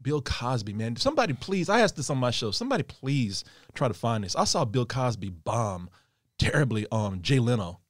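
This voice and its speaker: A man guesting on a podcast, telling stories in animated casual chat. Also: medium pitch, normal speed, dry recording, studio quality. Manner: animated storyteller, big laughs.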